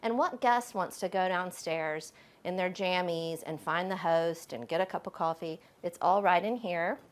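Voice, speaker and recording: A middle-aged woman gives a relaxed tour of her home. Her voice sits a little low, and she chats easily, peppering her talk with "um" and "you know.". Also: moderate pace. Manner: chatty and friendly, with frequent fillers. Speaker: homeowner giving a home tour. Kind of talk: casual home tour chat.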